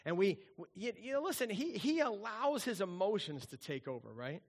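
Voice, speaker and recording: A middle-aged man, a pastor, preaching a sermon in a playful, animated storytelling manner. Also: sits high, moderate pace, gravelly.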